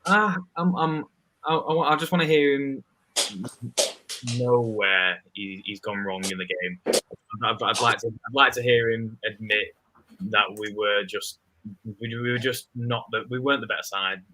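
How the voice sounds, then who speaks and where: A man with an English accent, a guest fan giving his match opinions in halting speech with many restarts. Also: mid-range voice, noisy background. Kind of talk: casual football fan chat.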